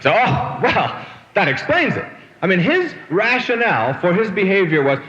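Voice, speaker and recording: A man's voice: a little high, wildly swooping pitch, normal speed, sharp tone, in a large hall, muffled recording, slight background noise. A man giving a motivational lecture, telling stories and asking the audience rhetorical questions. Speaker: motivational speaker.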